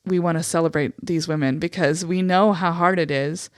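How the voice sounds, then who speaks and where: A woman's voice: fairly low pitch, steady tone, normal speed, dry recording, studio quality. A woman in her thirties co-hosting a podcast, chatty and supportive, with plenty of "like" and "um" fillers. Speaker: podcast co-host. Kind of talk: casual chat.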